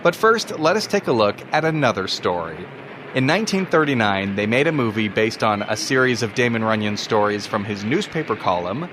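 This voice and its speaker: A man hosting an old-radio podcast, reading a plain, measured script. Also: on the low side, animated. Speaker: podcast host. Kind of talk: scripted narration. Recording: noisy recording with background hum.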